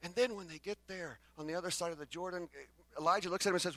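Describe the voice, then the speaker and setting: A male pastor delivers a sermon with a bright, forceful edge, rising to loud bursts and falling to hushed lines, now and then acting out the exchanges between the prophets. His voice sits a little high for a man and sounds dry and close. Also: steady tone, fast, no echo.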